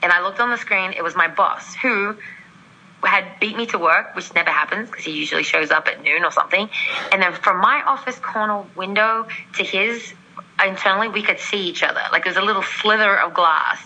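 Bright, animated woman telling a story. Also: mid-range voice, fairly quick, breathy edge, low-quality recording. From Australia. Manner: animated, acts out quoted voices, laughs often. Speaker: guest. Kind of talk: storytelling in a podcast interview.

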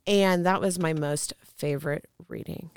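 A woman's voice: low-pitched, measured pace, creaky, clear, resonant tone, no room sound, studio quality. A woman speaking as a spiritual reader, telling stories candidly in casual chat and swearing freely. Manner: candid storytelling with frequent swearing. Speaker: spiritual reader, podcast guest.

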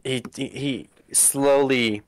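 A man's voice: mid-range voice, fairly even intonation, slow pace, no room sound, rough recording. A man running a tabletop game as game master, narrating the scene in a loose, descriptive way with frequent restarts.

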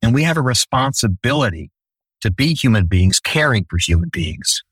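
A man's voice: medium pitch, sing-song, normal speed, fairly bright tone, slightly rough, no room sound, poor audio. A middle-aged man telling an earnest personal story in a conversation.

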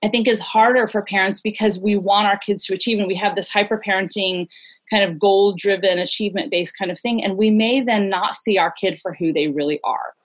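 A woman's voice: mid-range voice, fairly even intonation, fairly quick. A woman who writes about parenting, talking as an interview guest, explaining ideas and telling stories with frequent fillers. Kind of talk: conversational interview.

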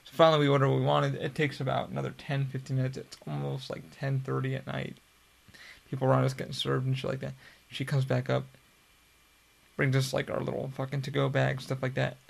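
His medium-pitched voice is gravelly with a totally flat delivery, moving a little fast. A young podcast host, he rambles through a long story in a casual, profane, easygoing manner.

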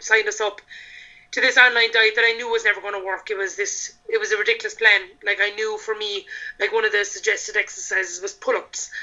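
An Irish woman, a podcast guest, telling her own story in a frank, animated way and swearing freely. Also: mid-range voice, lo-fi sound. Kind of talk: candid storytelling in casual chat.

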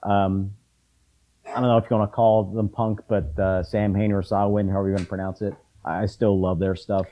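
A middle-aged man chatting casually about concerts, often halting and restarting his sentences with ums. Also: fairly low pitch, little pitch movement, muffled recording, slight background noise. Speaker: punk fan in conversation. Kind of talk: casual chat.

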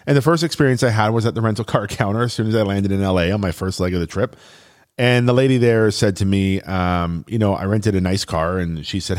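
A man's voice: on the low side, fairly quick, darkish tone. A man telling a personal story in an earnest, chatty way, with fillers and restarts, at times getting choked up.

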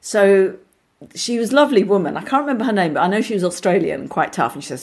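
An actress telling lively anecdotes in a casual interview, with frequent restarts and asides. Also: female voice, mid-range voice, quick pace. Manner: animated storyteller, many restarts, acts out voices. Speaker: actress guest.

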